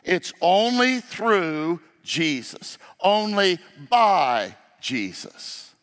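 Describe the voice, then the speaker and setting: A man preaching at a slow, deliberate pace, his fairly high voice carrying through a large sanctuary with a long reverb tail. He swings between loud, emphatic declarations and quiet, low passages. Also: very animated. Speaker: pastor. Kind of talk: sermon.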